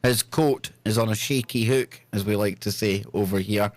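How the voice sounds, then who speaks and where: A man's voice: lowish voice, normal speed, no echo. A man hosting a talk show, reading news stories with joking, sarcastic asides. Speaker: podcast host. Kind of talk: casual news chat.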